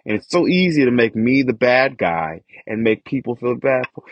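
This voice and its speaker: In a dull, lo-fi, dry recording, a young man with a sing-song, mid-range voice speaks at normal speed. He hosts a podcast and vents about his family in a casual monologue full of frustration and profanity.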